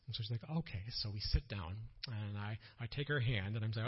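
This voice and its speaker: A man's voice: mid-range voice, brisk. A man speaking as a missionary at a church conference, telling stories from his work and acting out the people in them. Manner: animated storyteller, acts out quotes loudly. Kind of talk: mission talk with storytelling. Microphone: church PA recording. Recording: dull lo-fi audio.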